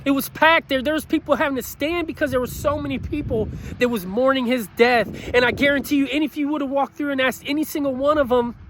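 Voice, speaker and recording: A man's voice: very high voice, steady tone, fast, few pauses, fairly bright tone, slight background noise. A man giving a heartfelt motivational talk in an earnest, pleading way, choked up with emotion. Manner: earnest, pleading, repeats his points. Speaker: motivational speaker.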